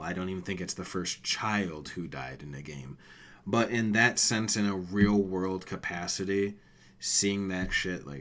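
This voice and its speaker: Deep-voiced man, emotional podcast talk. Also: bright, forceful tone. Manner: emotional, swears a lot. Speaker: podcast co-host. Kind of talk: casual gaming podcast chat.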